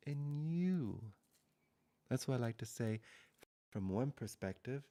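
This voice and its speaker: A man giving a spiritual satsang talk, speaking softly and slowly, often half-whispered, with long pauses. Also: mid-range voice, creaky. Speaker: spiritual teacher.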